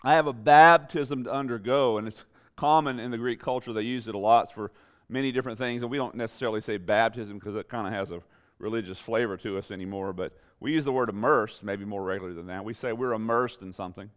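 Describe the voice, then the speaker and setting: A man's voice: on the low side, fairly even intonation, quick pace, smooth. A man preaching a sermon as pastor, building emphatic repeated phrases with rising intensity.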